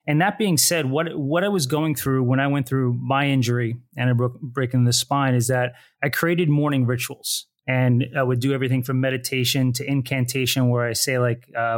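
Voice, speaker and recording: An enthusiastic man hosts a podcast and talks in a motivational way. His voice sits at a middle pitch. The sound is dry and close to the mic. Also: fairly even intonation, a little fast, no echo. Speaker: podcast host. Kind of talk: podcast interview.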